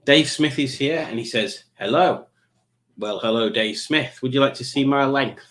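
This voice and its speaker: A man's voice: medium pitch, normal speed, fairly bright tone. Rambling, jokey British man. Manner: jokey, self-mocking, easily sidetracked. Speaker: livestream host. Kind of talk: rambling live-chat banter.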